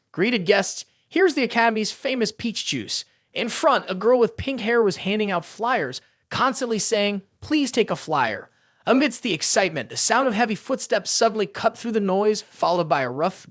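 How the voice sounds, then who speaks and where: A narrator reading a recap of an animated fantasy story, voicing all the dialogue in the same narrating voice. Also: medium pitch, no room sound, studio quality.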